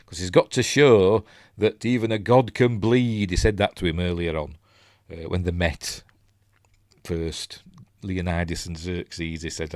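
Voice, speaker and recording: A man's voice: deep voice, fairly even intonation, a little slow, darkish tone, no echo, studio quality. A man with a Yorkshire accent chatting casually through a film review, rambling with lots of fillers and restarts. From Yorkshire, England. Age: middle-aged. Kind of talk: casual live commentary on a film.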